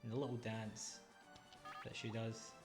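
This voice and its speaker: A man casually commenting on his own game playthrough, chatty and thinking out loud about each move. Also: fairly low pitch, flat delivery, a little slow. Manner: chatty, thinks aloud over choices. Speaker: gaming channel host. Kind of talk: casual let's-play commentary. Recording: game music underneath. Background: game music.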